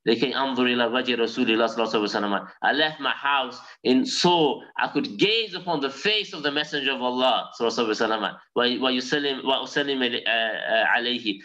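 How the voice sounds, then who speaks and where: A man teaching a live online religious class. He tells stories in an animated way and recites Arabic phrases quickly. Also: mid-range voice, low-quality recording.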